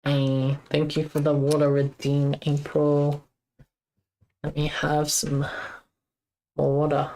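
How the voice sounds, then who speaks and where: A young streamer talks through code in a loose, rambling way, breaking off to chat with viewers. The voice stays flat and even, with a gravelly fry underneath. The talk is relaxed and unscripted, live game-dev stream chatter. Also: mid-range voice, slow, pauses often. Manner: rambling, thinks aloud, chats with viewers. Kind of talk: casual live-stream chat while coding.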